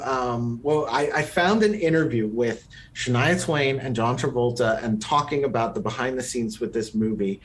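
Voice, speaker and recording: In a loose podcast film review, a man lays out his opinions at length, pausing on frequent ums and restarting his sentences as he works out his point. His voice sits in an ordinary middle pitch. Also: a little hiss or hum. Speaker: podcast co-host. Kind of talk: casual film review chat.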